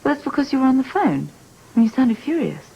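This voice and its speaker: An actress playing a wife who is a detective in a 1980s soap opera, asking insistent, probing questions. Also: female voice, high voice, very animated, fairly quick, creaky, dull audio, a little hiss or hum, heavily acted. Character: suspicious, hurt detective wife, insists on equality.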